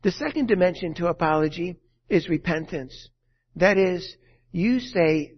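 Male preacher, high voice, earnest sermon, drops to a hush for emphasis, dull lo-fi recording. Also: normal speed. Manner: earnest, swings from loud emphasis to hushed, quiet lines.

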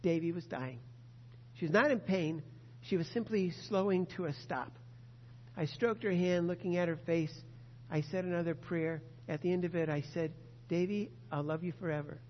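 Male preacher, high voice, earnest, drawn-out emphasis, muffled recording. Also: a little hiss or hum. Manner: earnest, slow and emphatic, stretching key words. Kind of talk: sermon with a read-aloud story. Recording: muffled sound in a reverberant hall.

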